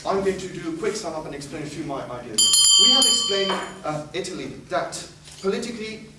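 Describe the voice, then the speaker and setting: A fast-talking man with a somewhat high voice gives a formal debate speech, slipping in dry, sarcastic jabs. He's recorded from far off in an echoey hall, with a steady hum of background noise underneath.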